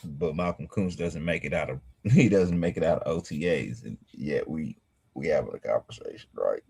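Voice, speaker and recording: A man's voice: very deep voice, expressive, normal speed, gravelly, dark tone, breathy edge, no echo. A man co-hosting a podcast, talking in a blunt, emphatic and mocking way. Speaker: podcast co-host. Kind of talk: casual podcast chat.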